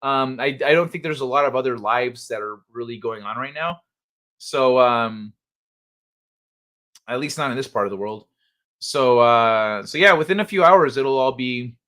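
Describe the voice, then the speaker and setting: A man hosting a late-night live stream, chatting casually, swearing freely and telling stories with animated sound effects. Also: on the high side. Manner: laid-back, profane, animated storytelling.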